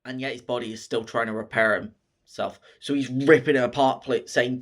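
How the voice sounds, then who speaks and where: A man recapping a favourite film in casual, profane, excited storytelling. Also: medium pitch, normal speed. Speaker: film reviewer.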